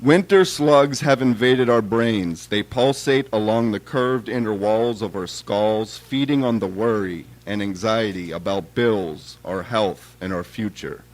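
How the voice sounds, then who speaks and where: A man giving a live reading of his own poems in a wry, deadpan, conversational way. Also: on the low side, measured pace.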